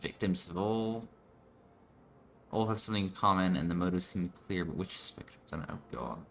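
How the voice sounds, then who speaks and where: A man's voice: low voice, moderate pace, fairly bright tone, a little hiss or hum. A man giving loose, rambling commentary while playing a video game, swearing now and then. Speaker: let's player. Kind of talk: casual gameplay commentary.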